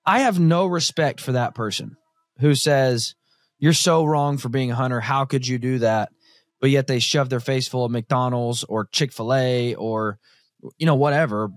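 A man hosting a podcast in casual conversation, with a mid-pitched voice. He is blunt and opinionated, and the sound is dry and close. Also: no echo. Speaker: podcast host.

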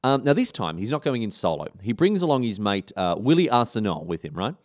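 A man with an Australian accent narrates a history tale in a low, lively voice. He is irreverent and slangy, wandering into rambling comic asides. Pitch swings up and down as he builds the story. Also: a little fast.

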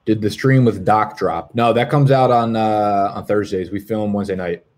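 A man's voice: lowish voice, steady tone, normal speed, darkish tone. A man, hosting a live stream in profane, rambling casual chat. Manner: profane, rambling, swears constantly.

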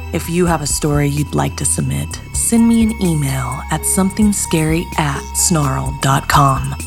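A woman podcast host reading the credits and sign-off in a slow, hushed, whispery manner. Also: low voice. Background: music.

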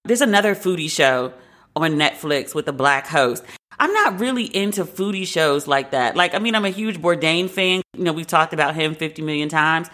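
A woman's voice: deep voice, animated, normal speed, a bit bright. A woman hosting a podcast, giving her frank opinions in a casual, conversational way. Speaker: podcast host.

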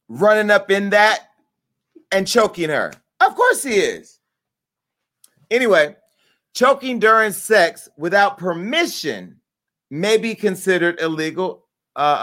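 In a crude bit of comedic commentary, a brash man plays host, his animated rant bouncing between loud outbursts and hushed asides.

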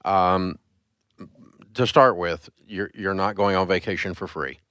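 A man's voice: deep voice, a little slow, fairly bright tone, smooth, dry recording, clean studio sound. A man hosting a call-in radio show, blunt and emphatic as he rants at a caller.

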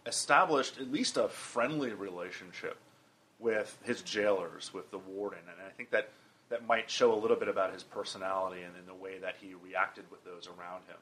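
Low-voiced male museum interviewer. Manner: relaxed, asks questions, short backchannels. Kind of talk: conversational interview.

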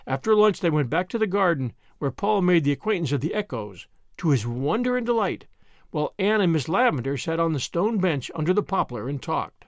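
Male audiobook narrator, high and animated, dry booth-like read. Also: a little fast, no room sound. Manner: expressive storytelling. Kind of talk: scripted narration.

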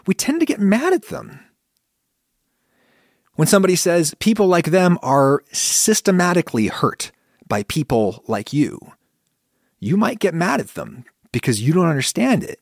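Male podcast host, reflective monologue, lively intonation, dry booth sound. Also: sits high, normal speed, gravelly, no room sound. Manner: conversational, reflective, animated when quoting thoughts.

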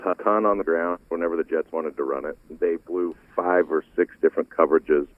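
This low, slightly quick male voice belongs to a football analyst dissecting game film for a sports radio show. Animated, he restarts sentences and repeats words along the way. There's no echo, and the audio has a thin, phone-like quality.

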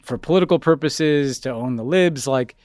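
A man co-hosting a political podcast in casual chat, rambling, saying "like" a lot and trailing off quieter at the ends of his thoughts. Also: mid-range voice, normal speed, no echo, studio quality. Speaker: podcast co-host.

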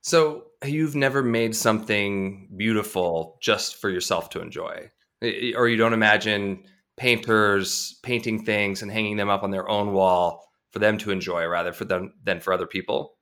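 A man's voice: fairly low pitch, normal speed, sharp tone. A man co-hosting an advice podcast, pushing back thoughtfully with frequent hesitations. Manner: thoughtful, hesitant, lots of fillers and restarts. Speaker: podcast co-host. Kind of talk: conversational podcast debate.

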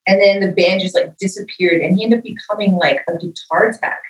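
Brisk and mid-range, the voice belongs to a middle-aged female musician chatting as an interview guest. She tells animated stories, voicing the characters in them. The recording has poor audio, an echoey room, and a distant microphone.

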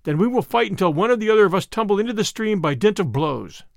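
A man's voice: high-pitched, animated, quick pace, gravelly, no room sound, studio quality. A man voicing a bold, jovial outlaw leader who speaks in hearty, old-fashioned declaiming tones in a storybook reading. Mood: challenging.

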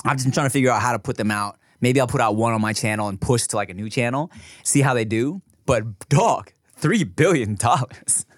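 A man's voice: medium pitch, fast, no echo, studio quality. A young man co-hosting a casual podcast, telling stories in a loose, profane way and laughing often. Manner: laughs often, swears freely, animated storytelling. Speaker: podcast co-host.

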